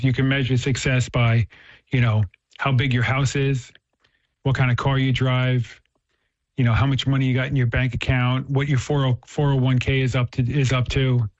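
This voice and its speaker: This man speaks at a normal speed with fairly even intonation in a mid-range voice, earnestly describing faith ideas and sharing a story in casual talk. Restarts come often, and the lo-fi recording is dull and dry with no echo.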